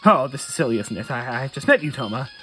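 A man's voice: mid-range voice, lively intonation, quick pace, fairly bright tone, soft background music, pitched below the performer's own voice, close to an everyday voice. A man reading a cheerful young girl's lines. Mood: friendly. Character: cheerful friendly young girl neighbor. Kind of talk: reading game dialogue aloud.

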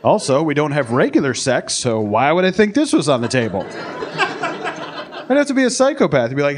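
A man doing a crude, brash stand-up comedy set on a club stage, shouting out the voices he acts out. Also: on the high side, very animated, a little fast, husky. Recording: live club recording, crowd laughter.

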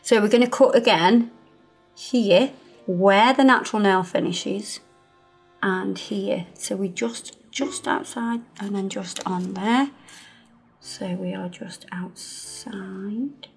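A woman from the English Midlands with a slight lisp speaks slowly in a mid-range voice over soft background music. She's a nail technician and channel host, chatting and explaining each step as she works through a nail tutorial.

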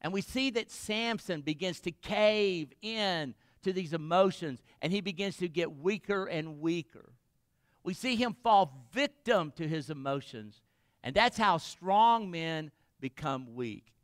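A man's voice: high-pitched, lively intonation, a little slow, smooth, no echo, studio quality. A man pastor preaching a sermon, retelling a story dramatically and asking the congregation questions.

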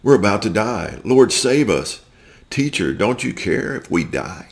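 A man's voice: sits low, sing-song, measured pace, gravelly, bright, forceful tone, heavily acted. A man reading aloud the panicked cries of disciples in a storm. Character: frightened fishermen disciples in a storm.

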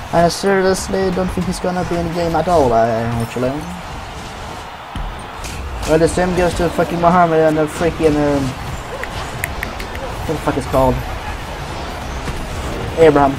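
A man's voice: a little high, a little slow, long pauses, over music. A man giving profane commentary over his own gameplay, trash-talking opponents. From Sweden. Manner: swears a lot, trash-talks opponents. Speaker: gaming commentator.

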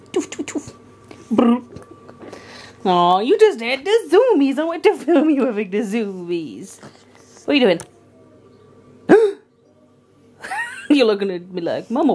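Young woman, slow, singsong baby talk to her dog, giggly, handheld camera at home, faint dog noises behind. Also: fairly high pitch, big pitch swings, a little mellow, slight background noise. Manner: gushing baby talk with frequent gasps and giggles. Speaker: vlogger. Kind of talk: casual vlog talk to her pet dog. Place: at home indoors. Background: dog sounds.

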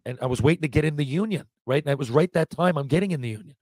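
A man's voice: a little high, rapid-fire, no echo. Man in his forties telling stories. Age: 40s. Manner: animated anecdote-telling, acting out quotes, frequent restarts. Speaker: podcast guest, former hockey player. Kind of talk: casual storytelling.

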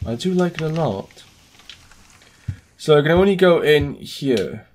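A man doing let's play commentary on a horror game, excitable and jumpy, swearing often. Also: fairly high pitch, a little slow, slight background noise. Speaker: gaming streamer.

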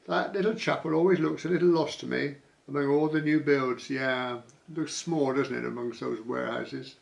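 Chuckling man with a gravelly voice. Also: medium pitch, fairly even intonation, normal speed. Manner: chuckles often, dry asides. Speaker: vlogger reading viewer comments. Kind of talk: casual chat reading comments aloud.

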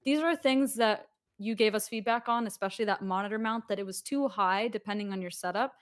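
A woman's voice: mid-range voice, a little fast. A woman co-hosting a livestream product demo, playful and chatty, often laughing. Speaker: co-host.

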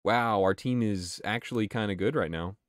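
With a voice on the low side at normal speed, a man gives casual gameplay commentary, cursing freely while he responds to his chat. The recording is dry.

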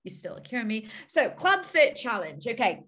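Casting: woman host on a video call, upbeat coach, bright, fairly high voice. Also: very animated, normal speed. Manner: upbeat, coaching, repeats key phrases. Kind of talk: team call presentation.

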